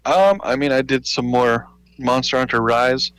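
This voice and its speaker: A man co-hosting a gaming podcast who chats in a relaxed, hesitant way with many fillers. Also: medium pitch, moderate pace, clear, resonant tone, no room sound, poor audio. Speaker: podcast co-host. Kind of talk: casual chat.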